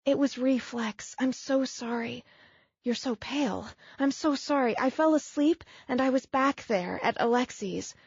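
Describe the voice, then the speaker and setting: A woman's voice: high voice, a little slow, husky, no room sound, muffled recording, voice pushed up, full character voice. A woman voicing a frightened young woman who apologizes breathlessly and talks in a precise, clinical way. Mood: apologetic.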